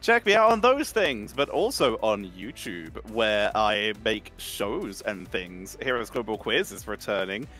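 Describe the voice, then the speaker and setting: A man's voice: fairly low pitch, very animated, a little slow, few pauses, a bit bright, soft background music. A man co-casting an esports stream as a guest, upbeat and jokey. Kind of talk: casual live stream chat.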